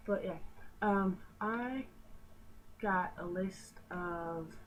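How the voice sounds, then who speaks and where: A woman's voice: lowish voice, drawn-out words. A teenage girl from Newfoundland with a strong Newfoundland accent, chatting casually and rambling to camera, swearing now and then. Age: teens. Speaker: vlogger. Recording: noisy home video.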